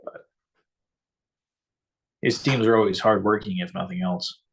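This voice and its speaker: A man with a low, husky voice talks through a hockey game in a relaxed, offhand live-stream chat. He drops dry asides between his opinions. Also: a little slow. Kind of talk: casual hockey watch-along chat.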